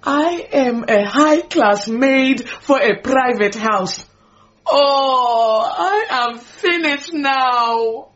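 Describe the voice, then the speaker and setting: An actress playing an indignant, possessive housemaid who complains dramatically, in a radio drama. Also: female voice, a little high, slow, hardly any pauses, muffled recording. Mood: wailing. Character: indignant, possessive housemaid, middle-aged woman.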